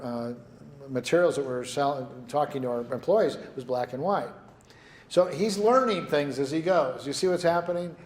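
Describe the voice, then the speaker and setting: A man giving a business workshop talk to a live audience, telling lively stories and asking the room questions. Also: a little high, slight background noise. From New Mexico. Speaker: workshop presenter. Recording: echoey meeting room.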